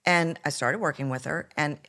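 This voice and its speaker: A woman voice coach talking as a podcast guest, animated, telling stories and acting out other people's voices. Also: low-pitched, moderate pace. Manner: animated storyteller, acts out voices. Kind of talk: conversational podcast interview.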